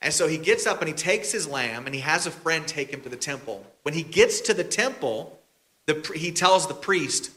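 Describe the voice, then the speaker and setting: Bright-voiced male pastor telling a story. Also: a little high, lively intonation, normal speed. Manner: casual, chatty, bantering with the congregation. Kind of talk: storytelling sermon.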